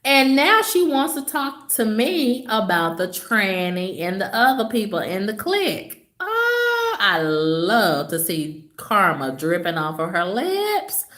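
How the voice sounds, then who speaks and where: A woman's voice: medium pitch, sing-song, a little slow, few pauses, fairly bright tone, reverberant. A woman vlogger telling a story to her viewers in a sassy, gossipy way, her voice swooping up for emphasis. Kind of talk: casual vlog storytelling to viewers.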